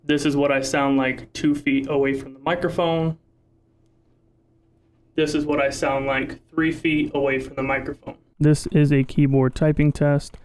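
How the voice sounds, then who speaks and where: Dude reading test lines into a mic, super even tone, smooth clear sound. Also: male voice, medium pitch. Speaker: tech reviewer.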